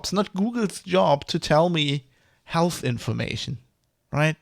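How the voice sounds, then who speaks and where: Gravelly man ranting in a vlog. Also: on the high side, lively intonation, unhurried, no echo, clean studio sound. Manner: rambling, heated, swears, many restarts. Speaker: vlogger. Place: Germany.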